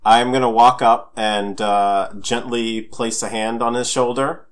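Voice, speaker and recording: A man with a smooth, resonant voice, speaking very slowly as he plays a tabletop game. He is deliberate and hesitant, pausing to think. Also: medium pitch, flat delivery. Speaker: player. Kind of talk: tabletop role-play chat.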